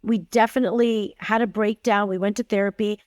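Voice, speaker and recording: Speaking briskly in a medium-pitched voice with fairly even intonation, a tech CEO in her forties tells candid stories as a podcast guest. She's emphatic and acts out quoted dialogue. The recording is dry and cleanly studio-produced.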